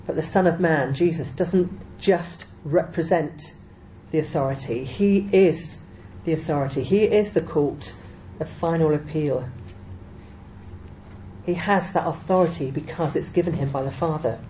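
Woman preacher, low mellow voice, measured emphatic sermon delivery, dull lo-fi recording with faint hiss. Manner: measured, emphatic Bible teaching with quoted scripture.

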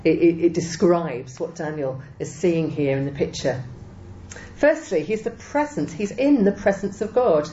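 Woman preacher, low mellow voice, measured emphatic sermon delivery, dull lo-fi recording with faint hiss. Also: animated. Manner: measured, emphatic Bible teaching with quoted scripture.

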